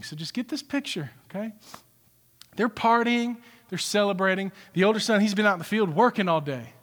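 A man preaching a sermon as pastor, animated, acting out the story's characters as he goes. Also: sits high, brisk, long reverb tail.

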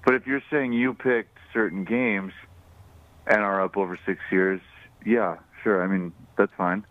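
Laid-back guy talking betting on the radio, low-ish voice, tinny phone sound. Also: fairly even intonation, a little slow. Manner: laid-back, teasing, laughs easily. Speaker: sports betting radio co-host. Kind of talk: casual radio banter. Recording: dry phone-line sound.

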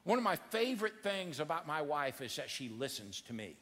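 A man preaching a sermon in a church, acting out the voices in his story with dramatic swings of pitch. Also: moderate pace, big-room sound. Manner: animated, acts out quotes with big pitch swings. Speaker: pastor. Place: church sanctuary.

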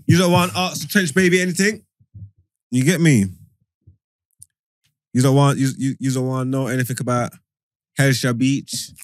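A man's voice: mid-range voice, steady tone, normal speed, long pauses, dry recording, clean studio sound. A man talking casually on a live-streamed show, using British street slang and restarting his sentences often. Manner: British street slang, restless self-corrections.

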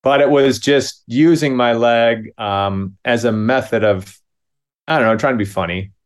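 Man in his fifties, from Minneapolis, comic storyteller, halting, self-deprecating, mid-pitched voice. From Minneapolis, United States.

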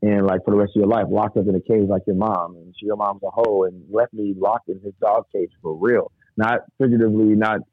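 A man recounts a painful chapter of his life in loose, rambling sentences, slipping into the voices of the people he quotes. His voice sits a little low. The sound is thin and dry, as if heard over a phone line. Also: steady tone, fairly quick, few pauses, slightly rough, no room sound. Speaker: guest. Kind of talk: emotional personal storytelling.

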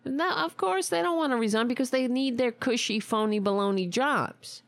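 A woman's voice: a little high, moderate pace, creaky, no echo. A woman hosting a political commentary show, angry and sarcastic, tired and unwell. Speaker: host.

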